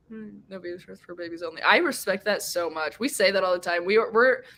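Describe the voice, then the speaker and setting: Bright, giggly young woman chatting. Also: medium pitch, expressive, normal speed. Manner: giggly, rambling storyteller with many fillers. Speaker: streamer hosting a reading sprint. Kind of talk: casual chat with friends.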